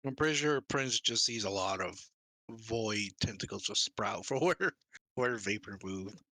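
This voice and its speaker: Male player, unhurried and bright, dry close mic. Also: fairly low pitch, lively intonation, no echo. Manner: laid-back, explains his moves. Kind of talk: casual tabletop game chat over voice chat.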